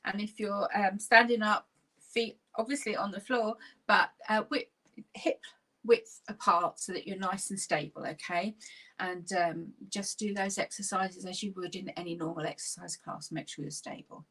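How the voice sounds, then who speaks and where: Bright-voiced woman leading laughter yoga. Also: medium pitch, normal speed, breathy edge. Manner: upbeat and encouraging, giving steady instructions. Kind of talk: guided exercise class. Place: seated while leading.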